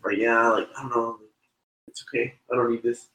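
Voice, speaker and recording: Young dude cohost, bright voice, cusses a lot, echoey room. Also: male voice, medium pitch, little pitch movement, a little fast. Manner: loose storytelling, swears, laughs often. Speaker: podcast co-host. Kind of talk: casual chat.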